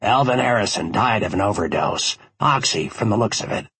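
A man's voice: fairly low pitch, animated, moderate pace, a bit bright, husky, no room sound, heavily acted. A man reading an audiobook, voicing an irritated, suspicious police detective who scolds and uses sarcasm. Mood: scolding. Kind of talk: audiobook character voice.

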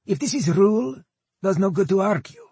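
A tall half-orc woman warrior who talks in short, broken, blunt phrases, as a man puts her on. Raised pitch over a husky grain. Dry and close. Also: animated, moderate pace, dark tone, no echo, exaggerated voice. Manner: terse, clipped broken grammar.

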